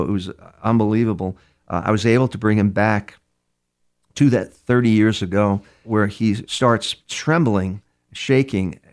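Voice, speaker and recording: A man's voice: on the low side, gravelly. A man from New York, a criminal profiler, telling case stories in an interview with many restarts and repeated words. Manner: acts out other speakers' words inside his stories. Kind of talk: storytelling in a conversational interview.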